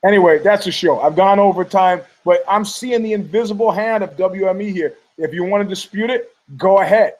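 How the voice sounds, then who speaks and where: Heated, high-voiced male podcast host. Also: brisk, few pauses, darkish tone, low-quality recording. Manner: profane, heated, repetitive restarts. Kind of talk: rambling combative commentary.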